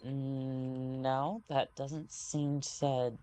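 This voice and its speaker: A woman game streamer talking casually into her desk mic, rambling as she plays. She often restarts her sentences and slows down to read on-screen text aloud. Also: rumbling low, level tone, mellow, clear, resonant tone. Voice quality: rambling, self-correcting, reads on-screen text slowly. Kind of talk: casual gameplay commentary.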